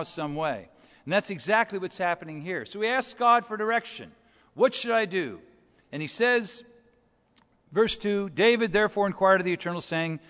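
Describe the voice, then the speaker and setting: A man's voice: fairly high pitch, a bit bright, in a large hall. A man preaching a sermon, explaining scripture verse by verse in a conversational way with rhetorical questions.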